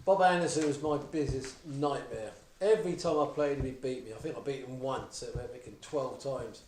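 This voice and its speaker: A man's voice: mid-range voice, a little fast, a little mellow, a little hiss or hum. An older man telling chatty stories at a live Q&A, laughing through them often. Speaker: guest darts player. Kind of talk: live Q&A anecdotes. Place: live event room with an audience. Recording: echoey room from a distance. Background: audience laughter.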